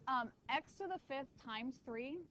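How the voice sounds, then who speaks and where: A woman teaching a math class in a lively, conversational way, tossing quick asides to her students. Her voice sits somewhat high. The classroom recording is dull and lo-fi, with a faint hiss underneath. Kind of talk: classroom lecture.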